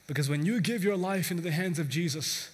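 Male pastor, emphatic sermon, high bright voice, in a reverberant church hall with faint music. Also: a little fast, breathy edge. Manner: earnest, emphatic, storytelling.

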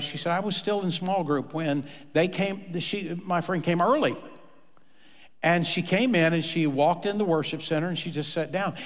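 A man's voice: fairly high pitch, long reverb tail. A man preaching a sermon as pastor, telling stories and acting out the people in them. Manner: storytelling, animated, acts out quoted voices.

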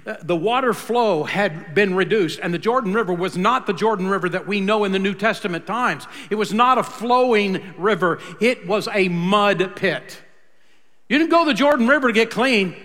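Bright-voiced preacher in an echoey hall. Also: male voice, high voice. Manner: dramatic storytelling, swings from loud to hushed. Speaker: pastor. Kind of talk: sermon.

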